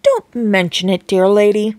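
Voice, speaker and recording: A woman's voice: mid-range voice, big pitch swings, darkish tone, no echo. Woman doing a bouncy eccentric chocolate maker. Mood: breezy cheerful. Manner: bouncy, brisk and breezy.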